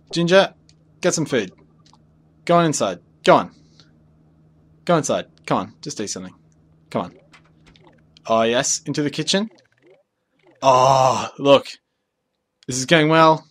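A young man giving rambling, jokey commentary over his own gameplay, easily excited. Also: mid-range voice, measured pace, pauses often. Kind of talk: casual let's play commentary.

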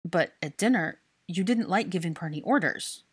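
A woman's voice: fairly low pitch, lively intonation, normal speed, slightly rough. A woman voicing an anxious, earnest young man in love, talking in an urgent, pleading way.

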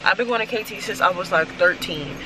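A woman's voice: mid-range voice, fast talker, noisy background. A teenage girl vlogging on her phone, talking casually and expressively to her viewers in slangy speech. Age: teens. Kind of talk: casual vlog talk to camera.

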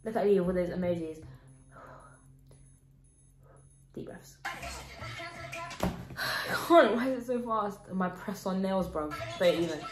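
A woman's voice: medium pitch, brisk, hardly any pauses. Teenage girl, casual reaction vlog, self-mocking, faint music behind. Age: teens. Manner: giggly, self-mocking, exclaiming. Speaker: vlogger. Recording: roomy echo, faint music.

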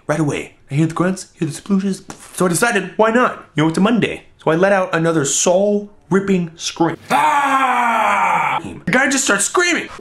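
Young male comic storyteller, high voice that swoops a lot, playing every beat up. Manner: animated, exaggerated comic delivery. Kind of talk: comedic story monologue.

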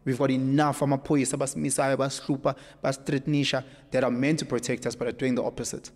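Casual south african guy on a podcast, animated storyteller, echoey room with long reverb. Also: mid-range voice, fast. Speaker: podcast guest. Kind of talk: casual conversation.

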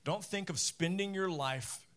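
A man's voice: high voice, unhurried, smooth. A young adult male pastor preaching a sermon, telling a Bible story with jokes, asides and little acted-out voices. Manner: animated, jokey storytelling preacher.

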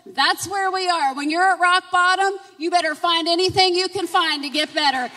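A middle-aged woman giving an emotional personal testimony at a church conference, moving from quiet storytelling to loud, fervent preaching. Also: high voice, fairly quick, few pauses. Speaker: conference speaker. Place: church sanctuary. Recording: reverberant hall, distant mic.

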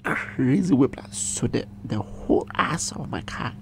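A man with a breathy, breaking voice that often drops near a whisper, telling a story animatedly as a guest in a radio studio. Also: medium pitch, unhurried, a little hiss or hum. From Ghana. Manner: animated, emphatic, repeats himself. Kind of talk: casual radio interview, storytelling.

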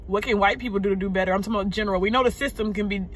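A woman, venting unscripted to her viewers from a parked car. She is upset and shaken, sighing, halting and repeating words. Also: mid-range voice, steady tone, slight background noise. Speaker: vlogger. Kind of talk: unscripted emotional vent to camera. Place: parked car in a parking lot.

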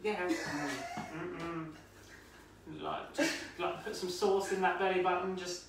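A man's voice: high-pitched, steady tone, takes it slowly. A man co-hosting a casual home cooking vlog, rambling with crude humour. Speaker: co-host. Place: home kitchen. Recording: echoey kitchen, distant mic, noisy.

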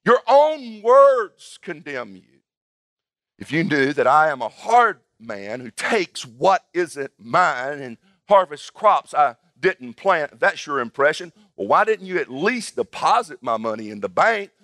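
A man voicing a stern, commanding male king from a parable with slow, forceful pronouncements. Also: fairly high pitch, sing-song, dry recording, studio quality, heavily acted.

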